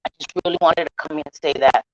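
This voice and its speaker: A woman's voice: low voice, steady tone, fast talker, no echo. Woman vlogger talking to her viewers, emotional and close to tears, earnest then blunt, muffled dry mic. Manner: earnest, defensive, swings from soft pleading to blunt defiance. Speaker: vlogger addressing her channel. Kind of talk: emotional livestream apology.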